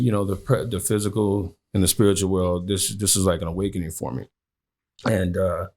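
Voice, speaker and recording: A man in his thirties from Chicago, a podcast guest telling a personal story with many "you know" fillers. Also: lowish voice.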